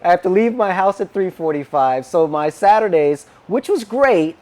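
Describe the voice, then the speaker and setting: At a normal speed, a minister shares a sermon through personal storytelling, his fairly high voice swooping up and down. Animated throughout, he acts out each line of dialogue.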